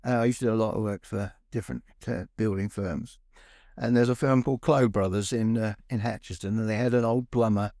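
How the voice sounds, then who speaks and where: A man's voice: fairly low pitch, steady tone, brisk, dark tone, no room sound, studio quality. Older Suffolk man spinning yarns. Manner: chuckling, rambling anecdote teller. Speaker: guest storyteller. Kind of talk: anecdotal interview chat.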